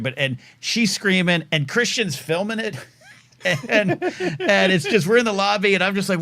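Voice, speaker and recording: Speaking at normal speed in a high-pitched voice, a middle-aged man hosts a live talk show. He rambles through a long casual story with plenty of fillers and restarts, animatedly impersonating the people in it.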